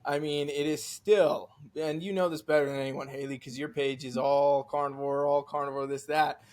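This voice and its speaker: A man's voice: a little high, little pitch movement, moderate pace, darkish tone. A man hosting as a coach, chatting casually with many "you know"s and "right"s. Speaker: coach and host. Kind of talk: casual podcast chat.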